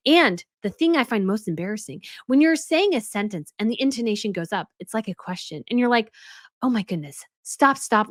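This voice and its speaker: A woman's voice: mid-range voice, a bit bright, no echo, studio quality. A woman giving casual news commentary as a channel host, chatty and full of fillers.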